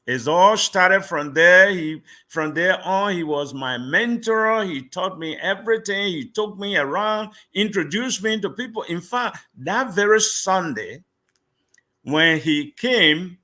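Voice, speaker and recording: Bright-voiced middle-aged man from Liberia. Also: high-pitched, slow pace. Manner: animated storyteller acting out quoted dialogue. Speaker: guest, pastor. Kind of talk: storytelling in a live interview.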